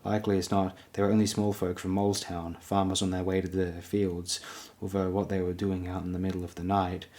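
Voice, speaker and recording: A man with a notably low, deep voice reads a fantasy audiobook. His narration is steady and measured throughout. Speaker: audiobook reader.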